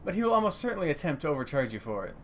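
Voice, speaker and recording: A man's voice: on the high side, sing-song, rapid-fire, fairly bright tone, slight background noise. A man doing a polite dwarf shopkeeper woman. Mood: courteous. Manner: formal, courteous trader.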